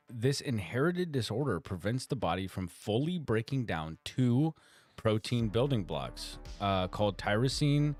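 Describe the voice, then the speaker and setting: A fairly low-voiced man chats loosely on a live stream, reading viewer comments out and breaking into laughter often. Faint music plays behind him. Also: darkish tone. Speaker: co-host reading chat on a live art stream. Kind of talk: casual stream chat.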